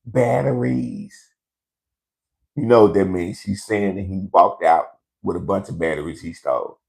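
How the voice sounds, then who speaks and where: A man's voice: deep voice, a little fast, darkish tone. A man hosting a live comedy show, ranting in a brash, profane storytelling way to online viewers.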